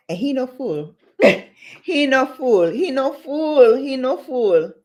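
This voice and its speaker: A woman's voice: a little high, sing-song, a little slow, darkish tone, slight background noise. A woman hosting a casual livestream, chatting with viewers in a playful, laughing way and repeating phrases for emphasis. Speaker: beauty livestream host.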